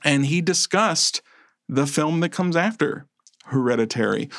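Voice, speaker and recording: A man co-hosting a casual podcast chat, animated and playfully over the top, making mock threats for laughs. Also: on the high side, measured pace, gravelly, no echo, studio quality. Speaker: podcast co-host.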